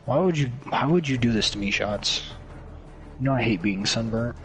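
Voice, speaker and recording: An excitable young man chats through a gaming stream with a lively, wide-ranging voice. He jokes, pleads in a whiny tone, then drops to low muttering. Faint music plays behind him. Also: normal speed. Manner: excitable, joking, lots of laughter. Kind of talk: casual gaming stream chat.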